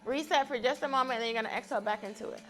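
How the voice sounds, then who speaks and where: A woman's voice: fairly high pitch, rapid-fire, fairly bright tone, faint music behind. A woman guiding a stretching class in an upbeat, chatty way, often laughing as she talks. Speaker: fitness instructor.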